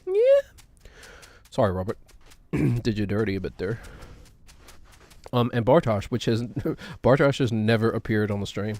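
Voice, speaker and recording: A man's voice: fairly low pitch, moderate pace, pauses often, darkish tone. A man streaming a game, chatting in a rambling, joking way with self-deprecating asides. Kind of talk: casual gaming stream chatter.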